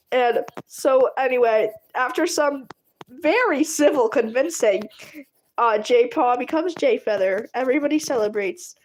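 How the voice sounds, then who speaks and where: A woman's voice: high-pitched, measured pace. A woman telling a fan story casually while drawing, giggling and rambling with lots of fillers. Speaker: channel host.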